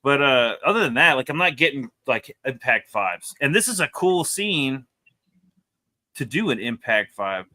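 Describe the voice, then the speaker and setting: A man reviewing comic books in casual chat, animated and rambling, laughing often as he talks. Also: medium pitch, a little slow.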